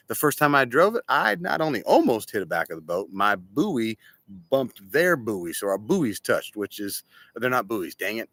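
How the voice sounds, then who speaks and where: A man from a church giving an animated motivational talk and telling stories, speaking from a boat. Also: mid-range voice, dry recording. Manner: animated, storytelling, direct questions to listeners. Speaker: church leader.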